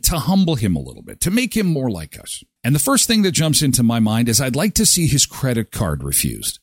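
Animated joking male show host. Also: lowish voice, no echo, studio quality. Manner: animated, joking, mocking asides. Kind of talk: casual morning show commentary.

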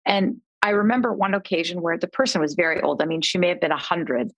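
Middle-aged woman, podcast guest, animated storyteller, dry close-mic read. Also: on the low side, quick pace, no echo. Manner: animated storyteller, voices quoted family members. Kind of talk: conversational storytelling.

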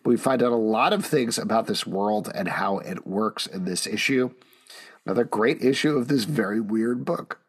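A man hosting a comic book podcast, introducing each issue and its credits in a brisk, matter-of-fact way. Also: fairly low pitch, breathy edge. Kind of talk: casual comic book review.

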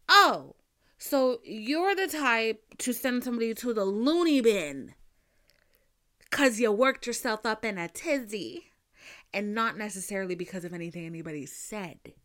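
A young woman podcast host telling a story in a casual, blunt, profane rant, acting out the other people's lines as she goes. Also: medium pitch. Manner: blunt, profane, animated retelling with mimicked quotes.

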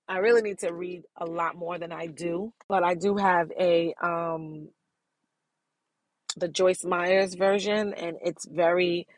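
A woman's voice: fairly low pitch, no echo. A middle-aged woman hosting a podcast, talking candidly and casually about self-care, laughing often as she goes. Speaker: podcast host.

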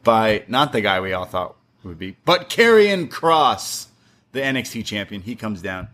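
Male co-host, casual recap, rambling, slightly low pitch. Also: fairly quick, a bit bright. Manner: rambling, quotes people in their own voice. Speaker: podcast co-host.

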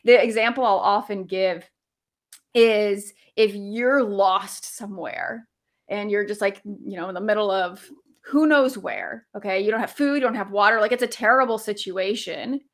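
A woman coach talks through ideas in a relaxed, reflective way, her mid-range voice dotted with fillers and easy laughter. She sounds like she is chatting, not lecturing. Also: mid-range voice, normal speed. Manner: warm, reflective, laughs easily, many fillers. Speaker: guest coach. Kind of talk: casual conversational interview.

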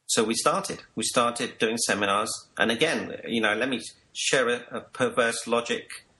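Man, bright tense voice, earnest storytelling, life coach guest. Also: mid-range voice, measured pace, poor audio. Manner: earnest, repeats words when emotional. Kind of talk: personal storytelling in an interview.

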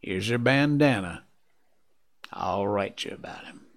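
A reserved, even-tempered gentleman speaking quietly and steadily, lower and softer than the reading around him. A man reads him aloud with a slow, gravelly tone. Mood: calm. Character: calm, reserved grown man, the dog's master.

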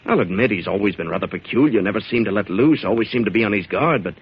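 An actor in a 1940s radio drama playing a smooth, evasive man who calms his fiancée while stammering nervously. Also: on the low side, quick pace. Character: evasive smooth-talking man hiding a secret. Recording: dull old radio recording.

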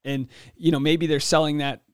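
A young man rambles through a solo podcast episode, restarting sentences and leaning on fillers. His voice sits a little high and sounds smooth and clear. The close, dry mic picks up no room at all. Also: level tone, moderate pace, no room sound. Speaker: podcast host.

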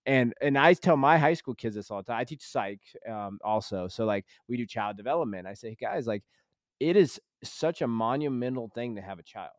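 Dad podcast host rambling earnestly, lots of likes and restarts, dry close sound. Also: male voice, mid-range voice, expressive, normal speed, no room sound. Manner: rambling, with many restarts and filler words; earnest and emphatic. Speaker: high school psychology teacher. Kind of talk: casual chat.

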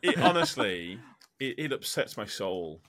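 A man's voice: fairly low pitch, big pitch swings, measured pace, fairly bright tone, no room sound. A man co-hosting a podcast, blunt and sweary, teasing the others. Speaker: podcast co-host. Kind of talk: casual chat.

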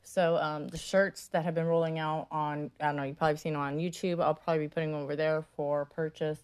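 A woman's voice: sits low, level tone, quick pace, smooth. A woman hosting a podcast in a casual monologue, rambling and crude, with lots of swearing, fillers and self-mocking asides. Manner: many fillers and trailing asides. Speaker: podcast host.

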